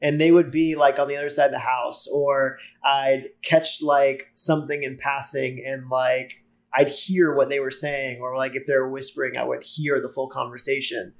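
A man's voice: mid-range voice, flat delivery, moderate pace. A man speaking as a podcast guest, easygoing and talkative, telling stories with many filler words. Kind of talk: casual conversational storytelling.

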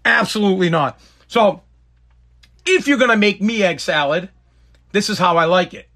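Man, high voice, podcast host, exasperated, emphatic, repetitive complaining. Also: normal speed, long pauses, pushed and bright. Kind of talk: casual podcast rant.

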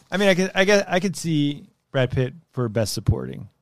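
A man's voice: a little high, sing-song, normal speed, dry recording. A man co-hosting a podcast, chatting casually with a teasing, laid-back manner. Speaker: podcast co-host. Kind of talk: casual chat.

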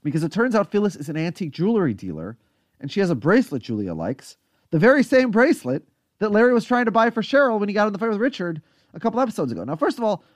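A man chatting through a TV episode recap on a podcast, his voice bouncing up and down with animated energy. He sounds a touch higher than most men and is recorded close and dry, with no room around him. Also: fast, no echo. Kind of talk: casual chat.

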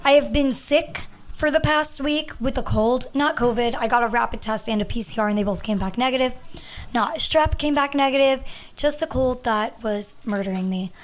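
A woman in her twenties hosting a casual podcast, hoarse and losing her voice, chatty and rambling with lots of ums and likes. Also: a little high, moderate pace. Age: 20s. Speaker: podcast host. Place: at her family home. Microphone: podcast microphone.

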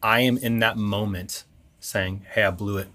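A man co-hosting a podcast in casual chat, earnest and quick to affirm his partner. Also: lowish voice, fairly even intonation, pushed and bright. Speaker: podcast co-host.

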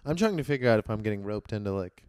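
A man's voice: fairly low pitch, expressive, very fast, darkish tone, smooth, no room sound, clean studio sound. A man co-hosting a podcast in casual chat, joking and swearing, poking fun at himself. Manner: joking, profane, self-mocking. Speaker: podcast co-host.

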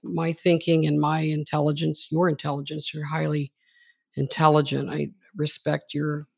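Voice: medium pitch, level tone, moderate pace, creaky, no room sound. A podcast host introducing a guest and asking questions in a chatty, admiring, conversational way.

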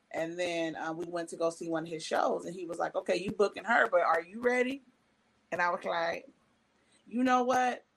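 A middle-aged woman, a stand-up comedian, telling a long personal story in casual chat, acting out quotes from the people in it. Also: fairly low pitch. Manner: animated, quotes people in voices, emotional.

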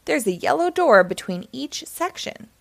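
A woman's voice: sits high, sing-song, normal speed, vocal fry, dry recording, voice pushed up, heavily acted. A woman voicing a friendly cartoon robot boy in a children's storybook, explaining things cheerfully.

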